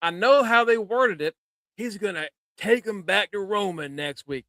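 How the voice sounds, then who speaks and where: A man hosting a podcast, casually recapping wrestling with quick, laughing asides. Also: high-pitched, a bit bright, no room sound. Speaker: podcast host.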